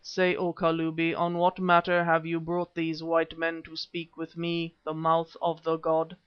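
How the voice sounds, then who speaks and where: Man doing a menacing ancient half-human wizard-priest, rumbling, slow, higher-pitched, dull lo-fi recording. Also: monotone, smooth, lightly acted. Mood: commanding. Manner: slow rumbling threatening speech. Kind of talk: audiobook character reading.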